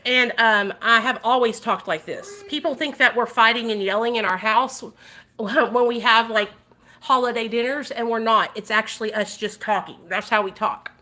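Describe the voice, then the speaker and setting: A woman vlogger talks to her viewers in a casual livestream, animated and direct, swearing freely as she goes. Her voice is a little high and sharp in tone, at a normal speed.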